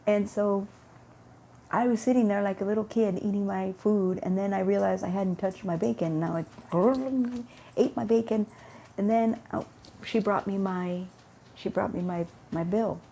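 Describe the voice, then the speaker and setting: A woman vlogger with a gravelly, dark, mid-range voice speaks a little slowly, telling a long everyday story about faith and acting out what each person said. She rambles and repeats words, with a faint background hiss.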